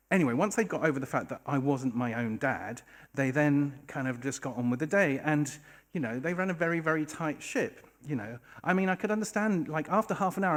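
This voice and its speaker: A man telling a funny story on a bar stage, wry and self-deprecating. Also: fairly high pitch. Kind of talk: live storytelling.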